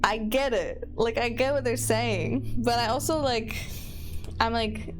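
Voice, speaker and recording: A young woman streamer with a Michigan accent, talking in an unhurried, rambling way. She chats casually about her own pronunciation, with faint music behind her voice. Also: a little high, fairly even intonation. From Michigan, USA. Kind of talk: casual chat while gaming.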